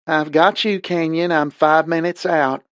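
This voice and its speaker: Male narrator doing a brisk Southern woman pilot, drawling, pitched high. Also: fairly even intonation, no echo.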